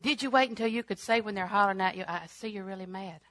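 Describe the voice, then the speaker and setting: A woman preaching a sermon, swinging from loud, emphatic declarations to hushed, near-whispered lines, repeating phrases for emphasis. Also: medium pitch, quick pace, no echo.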